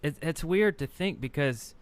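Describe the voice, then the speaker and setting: Lively smooth-voiced podcast host. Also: male voice, fairly high pitch, unhurried. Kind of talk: casual podcast chat.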